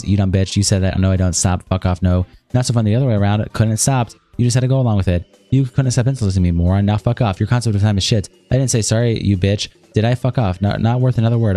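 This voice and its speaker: A man's voice: lowish voice, dark tone. A man streaming, rattling off both sides of a heated text argument aloud with little acting. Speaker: streamer reading a document aloud. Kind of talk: rapid reading aloud of a chat log.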